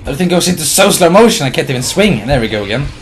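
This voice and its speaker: A man giving gameplay commentary, muttering quietly between excitable, laughing outbursts at the game. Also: on the high side, very fast, slight background noise. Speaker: let's play host.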